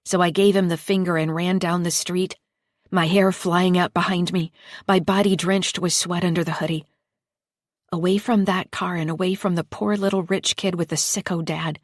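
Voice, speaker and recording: Woman, audiobook narrator, first-person thriller, measured, deliberate, lowish voice, dry close recording. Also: fairly even intonation, dry recording. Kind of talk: scripted narration.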